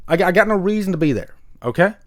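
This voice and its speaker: A man's voice: high-pitched, expressive, very fast. A man hosting a casual livestream, greeting viewers in the chat by name and rambling between topics. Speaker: livestream host. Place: home room with vinyl records.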